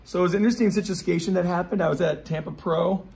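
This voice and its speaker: A man's voice: high-pitched, steady tone, gravelly, a little mellow. A man in his forties, a skateboarder and skate shop owner, telling rambling, profane stories in a casual way. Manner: rapid, profane, rambling anecdotes with many asides. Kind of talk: casual storytelling.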